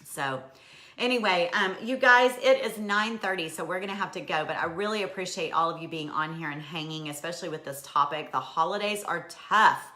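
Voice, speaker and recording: Bright-voiced encouraging woman host. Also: on the low side, brisk, echoey room. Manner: encouraging, answers viewer comments by name; emotional, laughs often. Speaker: host of a weekly live stream. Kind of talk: casual live-stream chat to viewers.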